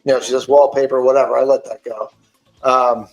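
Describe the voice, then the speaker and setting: A podcast host, a man, retelling an online argument in a casual, animated and profane way. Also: mid-range voice, fast talker, echoey room, faint music behind, rough recording. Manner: animated, profane, indignant storytelling.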